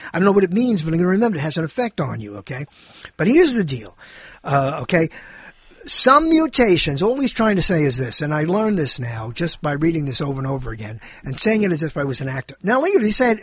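A man's voice: high-pitched, breathy edge, no echo. An older man hosting a radio talk show in a rambling, theatrical monologue, repeating phrases and drifting between topics.

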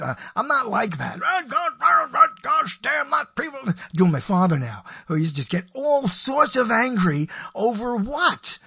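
A man's voice: high voice, fairly bright tone, slightly rough, no room sound. An older man, a radio personality, rambling through a digressive monologue and interrupting himself with wry asides.

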